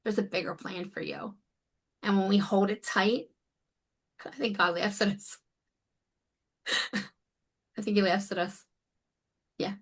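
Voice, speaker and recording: A woman's voice: mid-range voice, fairly even intonation, slow, long pauses, breathy edge. A woman life coach speaking as a guest in a conversational interview, earnest and emphatic. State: near tears.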